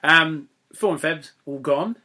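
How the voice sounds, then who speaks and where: A man's voice: fairly high pitch, slow, bright, forceful tone. A young man from England hosting a podcast in casual, rambling, jokey chat that keeps wandering into digressions. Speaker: podcast host.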